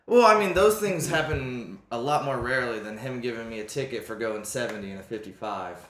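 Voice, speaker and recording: A man of middle pitch talks in a crude, rambling, joking way during a casual chat among friends. The room rings with echo around him. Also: fairly quick, a bit bright, slight background noise. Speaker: podcast co-host.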